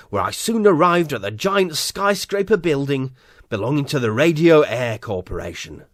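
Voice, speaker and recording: A man's voice: a little high, no echo. A man with a Yorkshire accent narrating an absurd comic story in a dry, mock-earnest way. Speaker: comedy podcast narrator. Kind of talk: deadpan absurd comic monologue.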